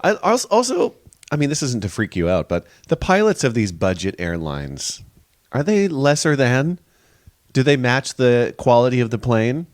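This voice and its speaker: A man co-hosting a podcast in casual chat, joking and animated, his pitch jumping when he gets excited, in his morning voice. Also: moderate pace, no room sound, studio quality. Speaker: podcast co-host.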